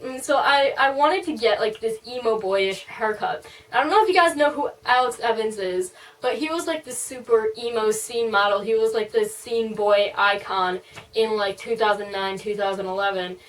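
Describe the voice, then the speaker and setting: Young woman vlogger, slightly high voice, rambling storytime, sits a bit far from the mic. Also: moderate pace. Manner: rambling, full of "like" and "um". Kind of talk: casual storytime.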